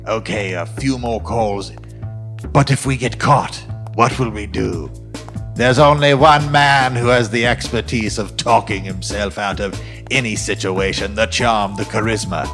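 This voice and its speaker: A man's voice: fairly low pitch, unhurried, a bit bright, soft background music. A man hosting an improvised comedy sketch, playing a bossy, theatrical scheming boss. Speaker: host.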